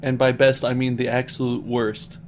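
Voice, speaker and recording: A man's voice: medium pitch, completely flat delivery, moderate pace, a little hiss or hum. A man on a stream reading bad fan fiction aloud as comedy, often laughing and breaking off to mock the text.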